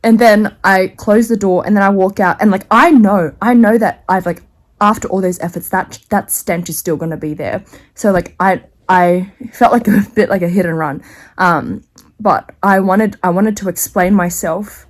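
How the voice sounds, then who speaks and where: A woman's voice: mid-range voice, steady tone, normal speed. A young woman telling a rambling, embarrassing story to camera, often breaking into laughter and slang. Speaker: vlogger.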